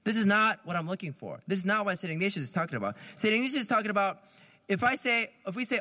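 Priest, male, bright high voice, chatty sermon with questions to the congregation. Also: animated, fast, long reverb tail. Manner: conversational, asks questions, laughs at own jokes.

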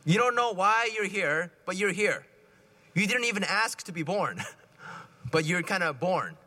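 A man preaching a sermon in a conversational, animated way, acting out little scenes as he talks. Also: high-pitched, unhurried. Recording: reverberant hall.

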